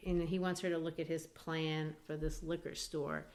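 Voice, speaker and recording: A woman's voice: deep voice, level tone, moderate pace, a little mellow. A woman co-hosting a podcast, talking through a play in a thoughtful, casual way and reading quotes aloud. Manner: thoughtful, reads quotes aloud with small voice changes. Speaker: podcast co-host. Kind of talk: casual literature discussion.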